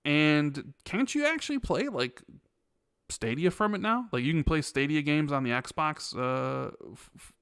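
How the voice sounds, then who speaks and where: A man's voice: on the high side, expressive, measured pace, fairly bright tone, clean tone, no room sound, clean studio sound. An American man co-hosting a gaming podcast, chatting casually, laughing often and reading viewer comments aloud. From United States. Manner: incredulous, laughs a lot, reads chat aloud. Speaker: podcast co-host.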